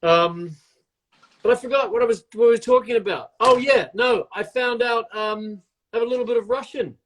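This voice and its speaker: A man's voice: very high-pitched, fairly quick. A man chatting casually on a live video stream while baking, joking and rambling in a self-mocking way.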